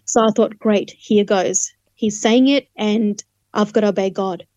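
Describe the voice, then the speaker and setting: A human rights lawyer from Fiji, appearing as an interview guest, tells her faith testimony earnestly and vividly, acting out the dialogue. Her voice is medium-pitched, steady, measured, and darkish, on a dull recording with no room sound.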